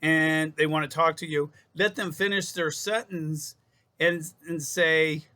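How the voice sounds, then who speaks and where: A man's voice: a little high, fairly even intonation, a little slow, pushed and bright. A man speaking as a psychologist in a casual self-help talk to camera. He rambles, repeats and restarts his phrases, and calls his viewers folks.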